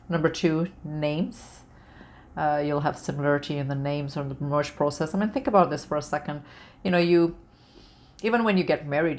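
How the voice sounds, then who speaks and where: A woman hosting a spiritual advice video, talking casually to her viewers with lots of fillers and restarts. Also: low-pitched. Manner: rambling, many fillers and restarts. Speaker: spiritual channel host.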